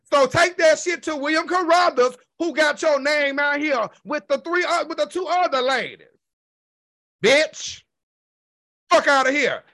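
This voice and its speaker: A man's voice: very high voice, pushed and bright. A man hosting an online show, delivering a sassy, profanity-heavy rant full of insults.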